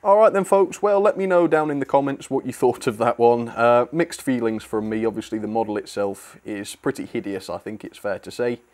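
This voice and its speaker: A man's voice: mid-range voice, a little fast, few pauses, darkish tone. A young British man giving a chatty, blunt review of a model train on his video channel, laughing now and then.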